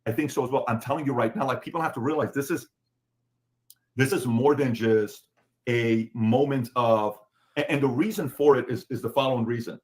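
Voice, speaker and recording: A man's voice: mid-range voice, a little fast. A man from Iran with a Middle Eastern accent, talking as a podcast guest in an emphatic way that is full of rhetorical questions. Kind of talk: opinionated podcast talk.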